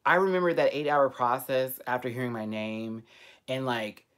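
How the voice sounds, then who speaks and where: A man vlogging live to his viewers, telling a personal story in an outspoken way with lots of swearing. He talks straight to the audience, swinging from loud emphasis to quiet asides. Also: mid-range voice, lively intonation, moderate pace. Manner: frequent profanity and direct address to viewers. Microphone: webcam or computer mic on a live stream.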